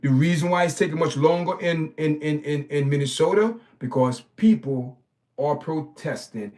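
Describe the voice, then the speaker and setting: A man on his own livestream gives emphatic, preachy opinions, frequently repeating himself and restarting. His voice is on the high side with a darkish tone, at a normal speed.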